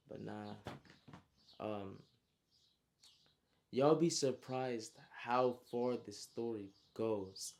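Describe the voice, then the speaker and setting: A man's voice: lowish voice, extremely slow, pauses often, a little mellow, slight background noise. A young man casually recapping his own story in heavy slang, adding spoken sound effects as he goes.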